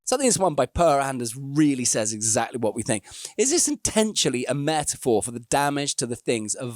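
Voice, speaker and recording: A reflective man reacts to an ad in a video, musing aloud with a middle-pitched voice. He speaks into a close mic in a dry room and sometimes breaks into lively, animated storytelling. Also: no room sound. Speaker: musician reacting to an ad.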